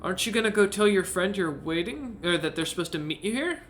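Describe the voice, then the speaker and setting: A man's voice: sits high, expressive, fast, a bit bright, a little hiss or hum. A man voicing a shrewd, friendly female tavern keeper who is welcoming but businesslike and halts with fillers. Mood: puzzled.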